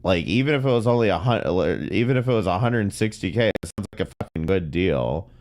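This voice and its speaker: A man's voice: low-pitched, lively intonation, a little fast, a little mellow. A man hosting reaction commentary on stream clips, blunt, profane and exasperated. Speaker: commentary host.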